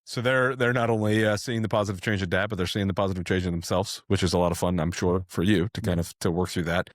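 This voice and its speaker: A male podcast host with a very deep voice talks fast, stringing long questions together without pausing. The recording is dry and close. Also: fairly even intonation, no room sound. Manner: rapid, rambling multi-part questions. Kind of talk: casual interview conversation.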